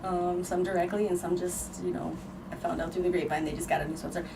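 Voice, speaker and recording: A woman hosting a podcast, speaking with frank, emotional candor and the odd curse word. Her voice sits at a middle pitch and sounds set back from the mic. There is clear background noise throughout. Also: level tone, fast talker, warm tone, distant mic, rough recording. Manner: emotional, earnest, frank with occasional swearing. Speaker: podcast host. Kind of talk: candid conversational storytelling.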